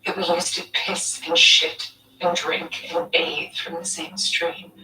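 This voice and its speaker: A woman's voice: medium pitch, pushed and bright, echoey room, distant mic, a little hiss or hum, low-quality recording. An actress in a TV drama playing an earnest woman who urgently pleads with her fellow survivor. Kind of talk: TV drama dialogue. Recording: TV audio heard from across a room.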